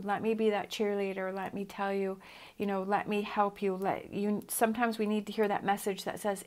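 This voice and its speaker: Earnest woman giving a flat, steady tarot reading. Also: mid-range voice, normal speed. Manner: earnest, repetitive encouragement. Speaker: tarot reader.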